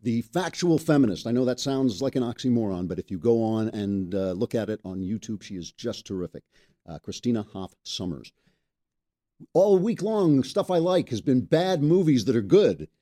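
Wry, lively male podcast host. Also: medium pitch, moderate pace. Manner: wry, laughs often, lively delivery. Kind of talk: interview and monologue.

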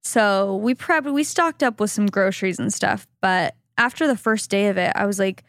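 A woman's voice: medium pitch, normal speed, a bit bright, dry recording, clean studio sound. A woman from Southern California co-hosting a podcast in casual chat, exaggerating her stories and imitating other people's voices. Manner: chatty, exaggerates stories and mimics her partner's voice. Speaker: podcast co-host.

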